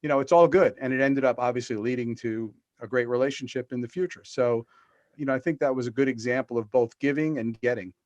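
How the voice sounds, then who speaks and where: A middle-aged man telling business stories as a guest over a video call. His voice sits mid-range and comes through dry and close, with no room sound. He slips into lively voices for the people he quotes. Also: medium pitch, fast talker, no echo, dull audio. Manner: animated storyteller, acts out quotes. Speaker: guest, author.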